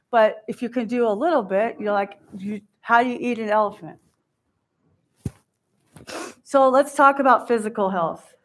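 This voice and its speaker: A woman's voice: fairly high pitch, normal speed, pauses often, fairly bright tone. A middle-aged woman giving a candid, self-deprecating keynote talk, often acting out what others said to her. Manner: candid, self-deprecating, acts out quoted voices. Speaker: keynote speaker.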